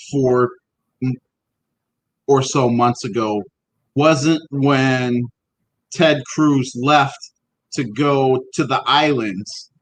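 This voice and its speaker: A man with a middle-pitched voice co-hosts a casual podcast, blunt and profane, often stopping to restart a thought. The sound is dry and close, with no room echo. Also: a bit bright. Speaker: podcast co-host. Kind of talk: casual history podcast chat.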